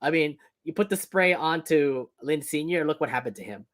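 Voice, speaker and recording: A man co-hosts a casual film review chat, laughing often and rambling through his points with plenty of fillers. His pitch swings in a lively, animated way as he talks. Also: normal speed. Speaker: co-host.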